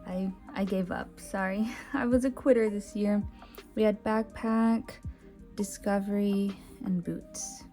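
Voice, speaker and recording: A woman's voice: mid-range voice, fairly even intonation, takes it slowly, warm tone, faint music behind. A woman from outside the United States giving a casual, chatty, self-deprecating tour of her sketchbook, often giggling. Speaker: artist vlogger.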